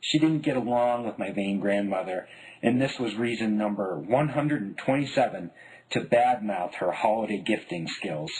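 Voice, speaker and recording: Male memoir narrator from Denver, husky, wry, lively delivery. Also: on the low side, moderate pace, rough recording. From Denver, United States. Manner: wry, deadpan humor. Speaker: memoir author.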